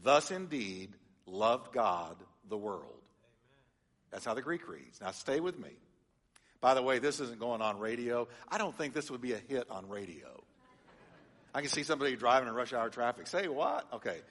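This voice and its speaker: A man, preaching a teaching sermon as pastor, animated and leading his congregation in call-and-response. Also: medium pitch, fairly quick, long reverb tail. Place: church sanctuary.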